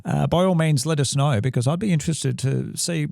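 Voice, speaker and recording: An Australian man co-hosting a podcast, gravelly and mellow in tone. He talks in halting bursts, stopping and restarting his sentences. The sound is dry and close. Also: on the high side, no echo. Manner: halting, many restarts and fillers. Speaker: podcast co-host. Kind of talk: casual chat. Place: podcast studio.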